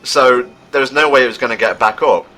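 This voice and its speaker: A man's voice: medium pitch, fairly quick, bright, forceful tone. A man co-hosting a game playthrough in casual commentary, dry and teasing with a pedantic streak. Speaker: let's play co-host. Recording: faint game music behind.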